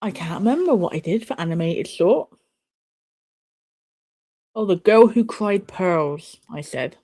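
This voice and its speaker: A woman's voice: on the low side, expressive, a little slow, dark tone. A young woman casually chatting and swearing while she watches an awards show live for her stream viewers. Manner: chatty, swears, laughs and banters at the screen. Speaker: streamer hosting a watch party.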